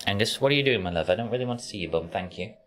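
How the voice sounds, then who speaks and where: A man's voice: fairly low pitch, animated, rapid-fire, fairly bright tone, soft background music. Chatty man streaming a game. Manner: chatty, jokey, talks to chat while playing. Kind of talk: casual gameplay commentary.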